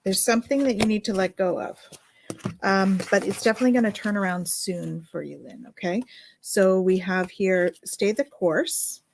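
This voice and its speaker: A woman's voice: medium pitch, fairly even intonation, normal speed, creaky, slight background noise. A woman hosting a live card reading, speaking reassuringly and often checking in with "okay?" as she gives advice. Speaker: host and card reader.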